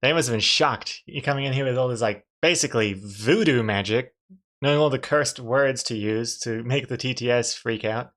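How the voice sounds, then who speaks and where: Chatty male streamer, mid-pitched voice. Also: moderate pace, fairly bright tone. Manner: chatty, reacting with frequent laughs. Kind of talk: live-stream commentary on a drawing game.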